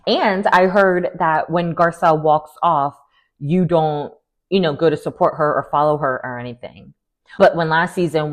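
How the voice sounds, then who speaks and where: Sassy low-voiced woman dishing a recap. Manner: sassy, blunt, animated, with fillers and laughs. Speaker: reality TV recap vlogger. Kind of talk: casual opinionated recap.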